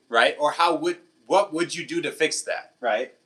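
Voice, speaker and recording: A man with a bright, forceful voice pitched a little above the usual chats with his viewers on a livestream. He laughs often and slips into now and then. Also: normal speed. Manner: chatty, laughs often, switches between English and Portuguese. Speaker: livestream host. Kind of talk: casual chat with live chat.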